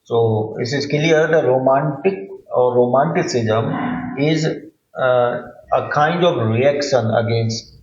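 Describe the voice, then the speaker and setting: A male English literature teacher giving an explanatory lecture, halting often with fillers and repeated words. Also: medium pitch, reverberant, muffled recording.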